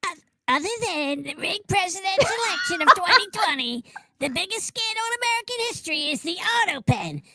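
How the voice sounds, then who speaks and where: A man putting on a high, squeaky parody of a blustering politician reading a post, stumbling over words. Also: very animated, fairly quick, pushed and bright, dry recording, full character voice. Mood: bombastic.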